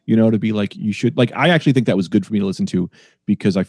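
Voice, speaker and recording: A man's voice: fairly low pitch, very fast, darkish tone, no room sound, studio quality. A man, a stand-up comedian, talking casually on a podcast and playing with sing-song inflections.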